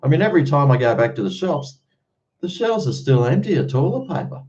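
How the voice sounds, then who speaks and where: A man's voice: a little high, very animated, a little fast, darkish tone, dull audio. An Australian man live-streaming, chatting casually with viewers and answering their comments in a blunt, freely swearing way.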